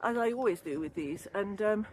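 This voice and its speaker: An older woman, a wellbeing vlogger and former yoga teacher trainee, chats casually as she walks along a canal, slightly out of breath. Her medium-pitched voice is lively at normal speed, rambling and laughing easily about wellbeing. It's recorded on a built-in camera or phone mic, with slight background noise.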